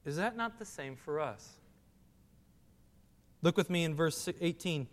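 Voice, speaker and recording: Man, pastor, sermon, high voice, emphatic scripture reading, long hall echo. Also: lively intonation, unhurried. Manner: preaching with rising emphasis, reads scripture aloud.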